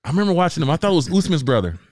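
A young man co-hosting a casual MMA podcast, excitable and slangy, often talking over his partner. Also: on the high side, racing, dry recording, studio quality. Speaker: podcast co-host.

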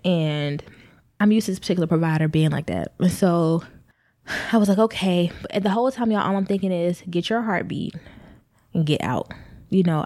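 Candid pregnant woman, low voice. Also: warm tone, no echo, clean studio sound. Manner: candid, rambling, addresses viewers directly. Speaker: vlogger. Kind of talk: personal storytelling to camera.

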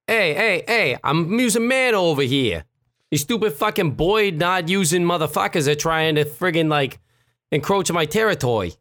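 A man voicing a pushy, swaggering fantasy elf who talks like a tough guy from Brooklyn, crude and loud. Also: on the high side, lively intonation, moderate pace. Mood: belligerent.

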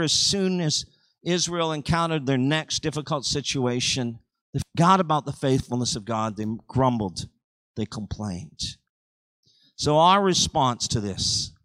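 A man's voice: a little high, dry recording, poor audio. Male pastor preaching with sweeping volume. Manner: animated preaching with sudden surges and drops in volume; conversational asides between scripture points. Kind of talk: sermon.

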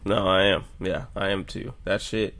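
A young man co-hosting a podcast in casual chat, animated and profane, laughing often. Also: deep voice, normal speed. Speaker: podcast co-host.

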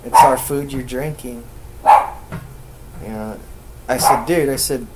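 A man casually telling a ghost story on a podcast, swearing constantly and rambling, acting out quoted lines louder. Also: medium pitch, fairly even intonation, unhurried, long pauses, heavy background noise. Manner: profane, rambling, acts out quotes loudly. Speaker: podcast co-host.

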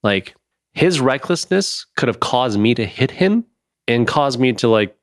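Speaking at a measured pace with a medium pitch, a podcast host chats casually, lively, laughing a lot and cursing freely. The sound is studio quality, with no echo.

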